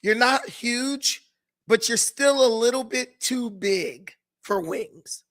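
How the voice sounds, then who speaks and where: A man voicing a patient male creator spirit who explains things in a measured way. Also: very high voice, a bit bright, exaggerated voice. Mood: explaining.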